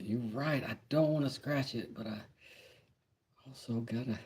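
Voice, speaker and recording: A man's voice: medium pitch, moderate pace, a little mellow. A man in casual live-stream chat while working on a craft project, joking and reading chat aloud. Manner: laid-back, joking, reads chat aloud.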